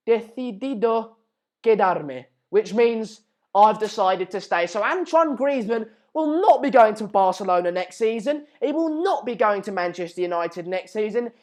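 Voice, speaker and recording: Excitable lad, fairly high voice. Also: male voice. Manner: excitable, ranting, mocking. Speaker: football channel host. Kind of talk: live reaction to transfer news.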